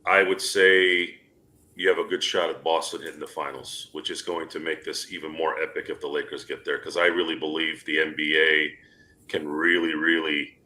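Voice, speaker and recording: A man's voice: a bass voice, flat delivery, moderate pace, bright, forceful tone. A man in casual sports chat, emphatic and swearing now and then. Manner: emphatic, swears, gives advice.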